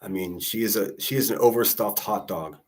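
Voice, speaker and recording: A man's voice: fairly low pitch, brisk. A man hosting a livestream, talking casually and mocking people with profane insults. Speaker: livestream host.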